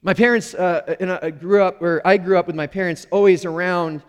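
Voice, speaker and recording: High-voiced pastor in a reverberant hall. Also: male voice, steady tone, moderate pace, clean tone. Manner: candid and self-deprecating, with playful asides. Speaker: lead pastor. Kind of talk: conversational sermon. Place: church sanctuary. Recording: long reverb of a large hall.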